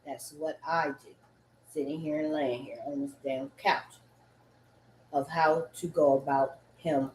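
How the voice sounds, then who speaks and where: A woman rambling casually and repetitively, swearing often and breaking into loud outbursts, sitting at home on a couch. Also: low-pitched, a little hiss or hum. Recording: echoey room.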